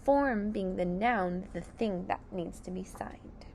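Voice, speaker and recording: A woman teaching phonics to young children, sounding out each word slowly and clearly, syllable by syllable. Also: mid-range voice, a little mellow, a little hiss or hum. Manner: slow and over-enunciated, sounding out syllables. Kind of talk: slow, deliberate phonics lesson for children.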